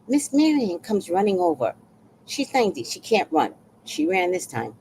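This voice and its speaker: A woman's voice: on the low side, moderate pace, a little hiss or hum, low-quality recording. A woman telling a personal story in a casual monologue, acting out what others said. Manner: animated, acts out quoted voices.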